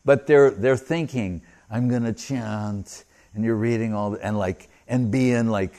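A man's voice: lowish voice, moderate pace, dark tone. A man giving an informal religious talk, rambling and breaking off mid-phrase, chuckling at his own stories. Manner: rambling, self-interrupting, chuckling. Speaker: spiritual teacher.

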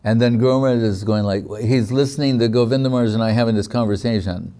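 Mellow-voiced man giving a devotional talk. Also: medium pitch. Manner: reflective storytelling, halting with fillers. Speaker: spiritual teacher. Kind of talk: devotional discourse.

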